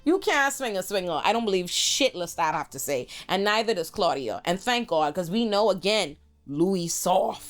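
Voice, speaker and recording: A woman in casual recap commentary, sassy and animated, telling the story and quoting the characters in mock voices. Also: fairly low pitch, normal speed, faint music behind. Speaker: pop culture commentator.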